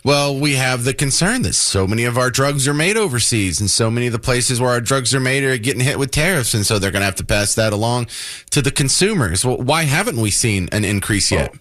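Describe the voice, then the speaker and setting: A man's voice: medium pitch, animated, a bit bright, no room sound. Man, talk radio host, blunt, opinionated, dry close sound. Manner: blunt, opinionated, quick back-and-forth.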